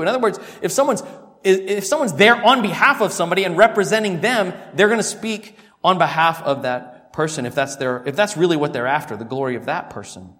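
A man preaching a sermon through a scripture passage in a lively, conversational way, swinging between loud emphasis and quiet asides. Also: sits high, a little fast. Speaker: pastor. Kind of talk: expository sermon. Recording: long hall reverb.

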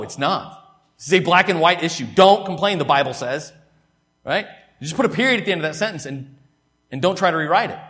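Emphatic pastor preaching. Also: male voice, fairly high pitch. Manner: emphatic, swings from loud to hushed, repeats words. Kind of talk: sermon. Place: church.

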